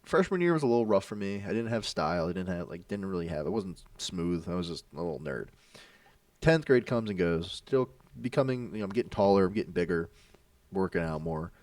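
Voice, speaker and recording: A man's voice: deep voice, brisk, dry recording, distant mic. A young man in his twenties, a podcast co-host, telling a casual story and acting out the voices in it, with plenty of swearing. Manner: animated, acts out voices in his stories, swears freely.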